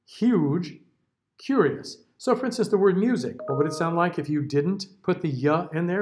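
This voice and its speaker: A man's voice: a little high, darkish tone. An American man giving a classroom diction lecture, carefully over-enunciating example words. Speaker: diction teacher.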